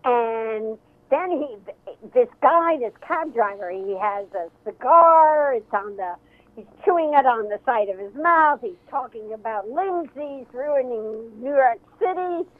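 Female author guest by phone, animated storyteller, tinny and dry. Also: a little high, unhurried, no echo. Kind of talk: radio interview.

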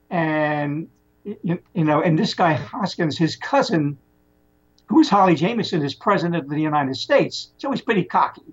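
A man casually retelling a story plot in a rambling, animated way, often restarting his sentences. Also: a little high, normal speed, husky. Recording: muffled lo-fi recording.

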